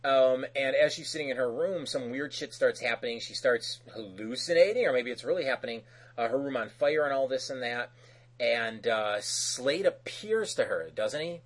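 A man co-hosting a podcast, recapping an episode in casual chat, animated and loose, often laughing and acting out characters' lines. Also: medium pitch, moderate pace, rough recording. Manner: loose, with frequent fillers and restarts. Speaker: podcast co-host.

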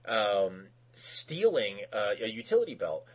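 A man's voice: on the low side, very animated, measured pace, breathy edge. A man recapping a cartoon episode in casual chat, rambling with lots of fillers and restarts, and acting out quoted characters in raised voices.

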